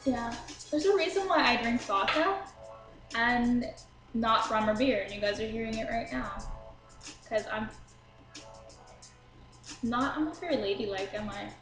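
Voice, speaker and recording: A woman's voice: a little high, unhurried, long pauses, fairly bright tone, echoey room, faint music behind, rough recording. A young woman casually telling a drunk story to her viewers, chatty and swearing freely, laughing at herself. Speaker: vlogger.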